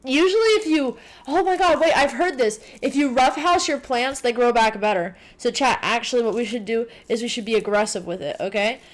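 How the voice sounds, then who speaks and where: Female streamer, slightly high pitch; loose, profane, excitable chatter to chat. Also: brisk, hardly any pauses. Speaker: livestreamer. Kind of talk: casual livestream chat.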